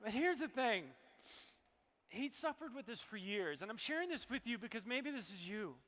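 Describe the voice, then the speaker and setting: High-voiced emotional motivational speaker, man. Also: animated, moderate pace, a bit bright. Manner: emotional, preachy motivational delivery. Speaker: health speaker presenting to an audience. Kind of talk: live stage presentation. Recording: hall reverb.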